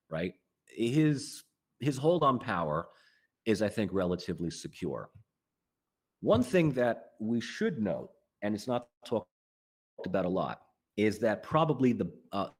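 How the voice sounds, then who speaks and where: A man, a political science lecturer, answering interview questions at length with animated, emphatic stress. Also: slightly rough. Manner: animated, emphatic rises in pitch and loudness.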